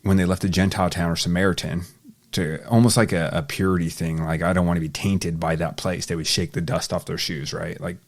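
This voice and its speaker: This Bible teacher speaks fairly quickly in a low voice with little pitch movement. Running an informal study, he reads scripture aloud and then paraphrases it in plain, casual terms.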